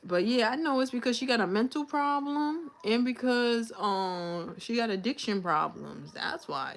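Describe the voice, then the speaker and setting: A woman's voice: fairly high pitch, expressive, measured pace, few pauses. A young woman hosting a casual livestream, talking candidly and venting in a loose, conversational way. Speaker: livestream host. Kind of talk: casual live-stream chat.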